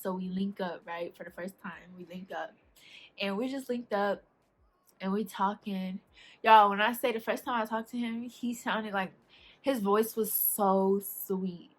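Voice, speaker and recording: A young woman vlogger chats casually through a storytime about a date, animated and laughing as she acts out what people said. Her voice is medium in pitch and a little slow.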